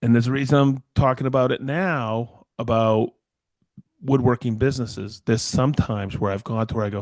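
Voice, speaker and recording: A middle-aged man co-hosting a podcast, spinning stories in an easy conversational way. He acts out the other people in his stories, jumping up in pitch for their lines. His voice sits mid-range and sounds dry and close to the mic. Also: moderate pace, no echo. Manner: animated storyteller who acts out quoted dialogue. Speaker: podcast co-host, woodworker. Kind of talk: casual podcast chat.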